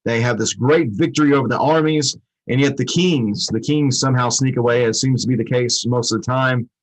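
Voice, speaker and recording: A man's voice: mid-range voice, fairly even intonation, brisk, low-quality recording. A man co-hosting a Bible study show, explaining a passage in a rambling, conversational way with many restarts.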